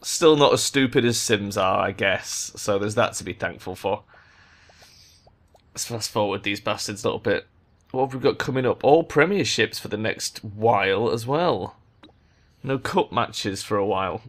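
A man giving game commentary as a gaming video maker, exasperated and swearing a lot, breaking into loud rants. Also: on the low side, normal speed. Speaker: gaming YouTuber.

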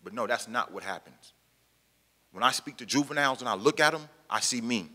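A man's voice: mid-range voice, lively intonation, fairly quick, bright, forceful tone. A man from the Pacific Northwest who was formerly incarcerated, speaking emphatically to an audience in a meeting hall and repeating his key lines in plain, colloquial speech. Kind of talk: impassioned public talk to an audience. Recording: long hall reverb.

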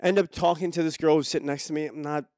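A man's voice: a little high, steady tone, fast talker, a little mellow, dry recording. Man, podcast co-host, rambling crude storytelling, dry close sound. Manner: rambling, repeats words, crude humor. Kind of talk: casual storytelling chat.

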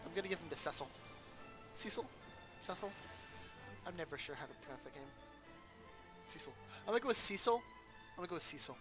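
A man's voice: a little high, lively intonation, rapid-fire, pauses often, over music. A man hosting a let's play, giving casual gameplay commentary and thinking aloud with chatty asides.

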